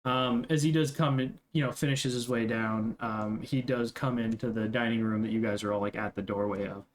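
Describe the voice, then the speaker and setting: A man's voice: mid-range voice, steady tone, a little fast, a little hiss or hum. A young man narrating as game master, casual and rambling, with many fillers.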